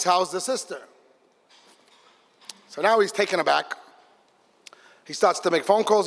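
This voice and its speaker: A man telling an animated story at a religious gathering, acting out the dialogue of the people in it. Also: sits high. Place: large hall. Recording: live hall with long reverb.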